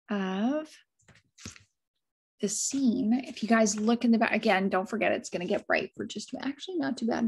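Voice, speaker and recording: A woman with a husky, slightly high voice reads a chapter book aloud to children in an easy storytelling way. She stops often to chat with the kids, explain words and hold up pictures. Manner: chatty, breaks off to explain and show pictures. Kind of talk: read-aloud storytelling with asides to listeners.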